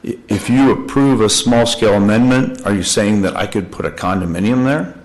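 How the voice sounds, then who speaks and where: A very low-voiced man speaks at a public meeting as a property owner. He sounds agreeable and deferential, nodding along and restarting his sentences as he explains himself. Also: brisk. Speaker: property owner applying for a land-use change.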